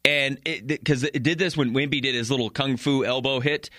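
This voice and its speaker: A man co-hosting a casual sports talk show, animated and acting out players' reactions. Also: medium pitch, fairly quick, dry recording, clean studio sound.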